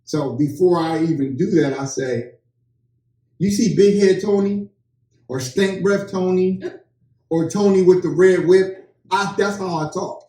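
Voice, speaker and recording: Husband joking in a roomy room. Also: male voice, sits high, unhurried. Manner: joking, animated storyteller acting out dialogue. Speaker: podcast co-host. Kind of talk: casual chat. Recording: roomy, distant mic.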